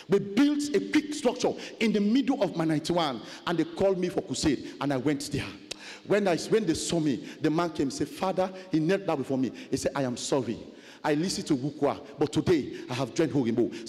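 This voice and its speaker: A man preaching a fiery sermon testimony, chanting and shouting repeated refrains. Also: sits high. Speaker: pastor. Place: large conference hall. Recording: long hall reverb.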